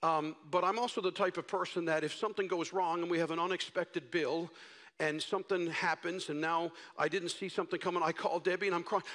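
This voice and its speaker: A male pastor preaching a sermon in a dramatic, expressive way. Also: a little high, fairly quick. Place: church sanctuary. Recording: echoey church hall.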